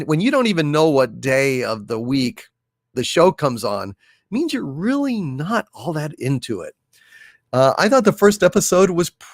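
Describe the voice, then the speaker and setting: Man, livestream host, blunt and profane, gravelly, dry close-miked sound. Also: fairly high pitch, dry recording. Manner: blunt and profane, drawn-out emphatic delivery. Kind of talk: casual livestream chat reading viewer messages.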